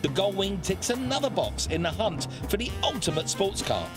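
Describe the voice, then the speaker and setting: Brief: male narrator, bright lively read, music bed. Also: high-pitched, moderate pace. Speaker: documentary narrator. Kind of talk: scripted narration.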